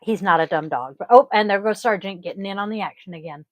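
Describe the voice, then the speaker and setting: A woman hosts a casual podcast as a yoga teacher, rambling and chatting with lots of ums and throat-clearing. She's recorded at home on a close mic, with no room sound and rough quality. Her voice is medium-pitched and she talks fast.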